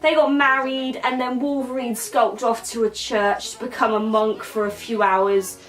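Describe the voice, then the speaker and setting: A woman's voice: fairly high pitch, level tone, moderate pace. A woman giving a crude, rambling comic film recap full of slang. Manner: slangy, crude, rambling, puts on silly voices. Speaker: comedy character reviewer. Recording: distant mic, faint music.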